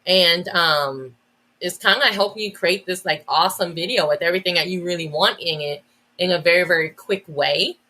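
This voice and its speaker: A woman's voice: fairly low pitch, moderate pace, sharp tone. A woman educator as a podcast guest, talking enthusiastically in a casual, rambling way with many restarts and "like" fillers.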